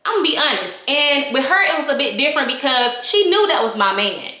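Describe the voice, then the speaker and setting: Young woman vlogger, bright and higher-pitched, candid storytime in an echoey room. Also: brisk. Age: young adult. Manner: animated, reenacting scenes with voices and gestures; chatty and candid, addressing viewers directly. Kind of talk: casual storytime vlog.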